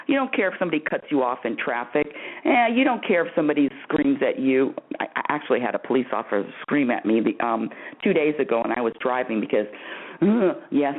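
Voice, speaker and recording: Animated woman host on tinny radio. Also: deep voice. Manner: rambling, repeats and restarts phrases. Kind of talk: spiritual self-help talk. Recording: tinny phone-like radio audio.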